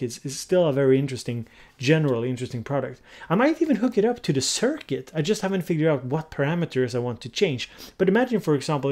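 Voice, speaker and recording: A man hosting a relaxed livestream and chatting with viewers. He thinks aloud and sometimes searches for the right English word. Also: medium pitch. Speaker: livestream host. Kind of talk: casual livestream chat, answering viewer comments.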